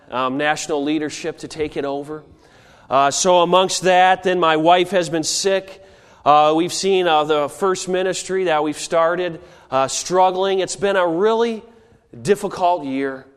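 A man's voice: fairly high pitch, unhurried, smooth. Earnest missionary man preaching in an echoing hall. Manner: earnest, with frequent "uh" fillers and rising exhortations. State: has a cold. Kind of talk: sermon.

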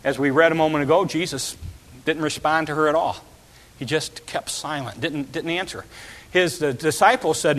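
Earnest preacher man, slightly high voice. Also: normal speed, fairly bright tone. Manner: repeats and restarts words often; earnest, emphatic delivery. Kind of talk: sermon.

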